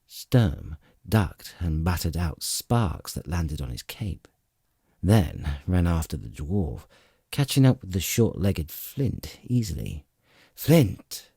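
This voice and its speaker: A man narrating a fantasy audiobook in a dramatic, expressive storytelling manner, recorded close to the mic. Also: low voice, slow pace, gravelly, breathy edge, no echo.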